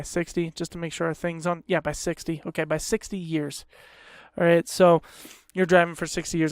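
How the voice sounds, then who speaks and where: Young man, high voice, smooth clear tone, dry close sound, profane exasperated rant, rambling podcast host. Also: no room sound. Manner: rambling, self-deprecating.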